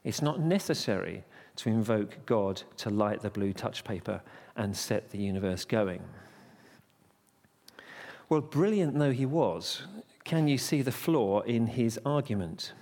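Playful preacher in a reverberant church. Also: male voice, lowish voice, animated, unhurried, a little mellow. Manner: playful, pun-telling, conversational. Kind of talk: sermon with jokes.

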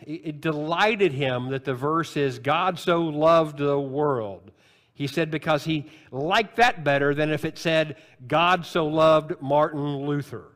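An older man in his sixties delivers a sermon, speaking directly to the congregation as though in conversation. His voice climbs high and loud on key phrases, then sinks low and soft on asides. The delivery moves between storytelling and urgent emphasis. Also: in a large hall. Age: 60s. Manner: conversational preaching with wide swings in pitch and loudness. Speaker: pastor.

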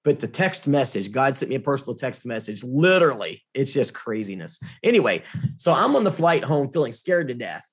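A man with a husky, slightly breathy voice recounts a personal story to a host. His telling is animated and earnest, and his pitch sits in an ordinary middle range. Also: a little fast. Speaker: guest. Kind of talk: casual storytelling in conversation.

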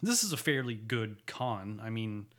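A man's voice: on the low side, very animated, unhurried, a bit bright. A man in casual chat, recapping a TV episode with a co-host, laughing often and slipping into character voices. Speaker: podcast co-host.

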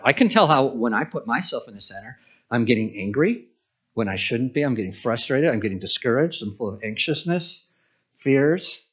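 A man's voice: medium pitch, a bit bright, slightly rough. Man preaching a sermon, lo-fi. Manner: conversational preaching with rhetorical questions and acted inner dialogue. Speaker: pastor. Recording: dull lo-fi church sermon recording.

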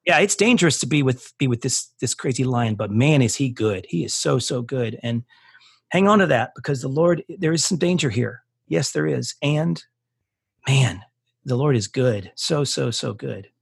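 Earnest guy on a podcast talking faith, bit husky, dry close mic, repeats himself for emphasis. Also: mid-range voice, animated, normal speed, dry recording. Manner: earnest, restarts often, repeats words for emphasis. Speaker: podcast guest. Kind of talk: earnest faith talk and closing prayer.

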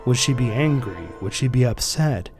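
A man reading his own fiction aloud as narrator, in a measured, deliberate storytelling manner. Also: medium pitch, lively intonation, a little mellow, faint music behind. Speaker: author and narrator.

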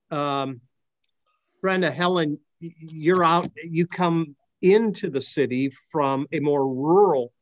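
This Akron, Ohio native leads a discussion-based class in a Midwestern American accent, filling his thinking-aloud with ums and uhs. The recording has no echo but cuts off the highs, and his voice sits on the high side.

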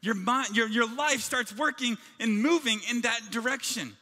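High-voiced man preaching in a reverberant hall. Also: normal speed, bright, forceful tone. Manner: emphatic, repeats phrases in rhythmic lists. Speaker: pastor. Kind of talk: sermon. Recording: reverberant hall with background music.

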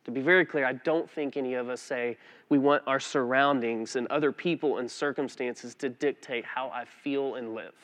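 A mid-range-voiced pastor preaches, telling a personal story in a lively, conversational manner full of restarts. He keeps a normal speed and pauses little.

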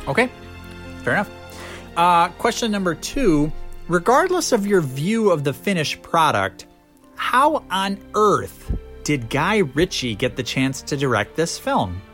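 A man's voice: fairly high pitch, unhurried, soft background music. A young man hosting a podcast, joking casually through a movie review with lots of fillers. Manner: animated, joking rants with fillers. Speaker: podcast host.

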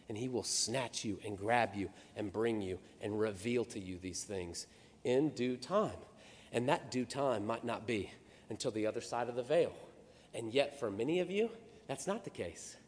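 A man preaching a sermon as pastor, swinging from hushed, slow words to loud, high outbursts. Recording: long reverb of a church hall.

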